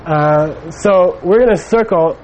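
A man's voice: fairly high pitch, slow, darkish tone, slight background noise, rough recording. A middle-aged man giving a Buddhist teaching, telling a personal story in a rambling way with many fillers. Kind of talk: dharma talk with personal anecdote.

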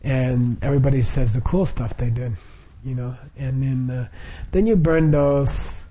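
A man's voice: mid-range voice, unhurried, mellow, breathy edge. A middle-aged man leading a Buddhist group, explaining the practice informally with frequent chuckles, fillers and restarts.

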